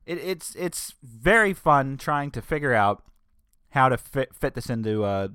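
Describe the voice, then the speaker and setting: A young man from northern Delaware talks through his solo podcast in a loose, rambling way, circling back on himself and tossing in jokes. His voice sits at an ordinary middle pitch. The recording is dry and close, with no room echo. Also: animated, measured pace, bright, forceful tone, smooth. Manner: rambling, self-correcting, joking asides. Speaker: podcast host. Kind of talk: casual solo podcast monologue.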